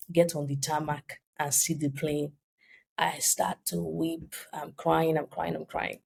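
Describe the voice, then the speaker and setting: Her voice low, gravelly and warm, a woman in her thirties with a Nigerian accent shares her story on a podcast. She tells it with animation, slipping into the voices of the people she quotes during the interview.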